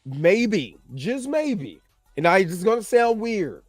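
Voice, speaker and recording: A man's voice: high-pitched, very animated, takes it slowly, dry recording, faint music behind. A male host giving opinionated commentary, emphatic and repetitive, with many fillers and restarts. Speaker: show host.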